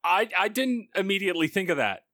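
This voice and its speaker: A man co-hosting a podcast, telling a story in animated casual chat and swearing freely. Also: high-pitched, brisk, no room sound, clean studio sound. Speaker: podcast co-host.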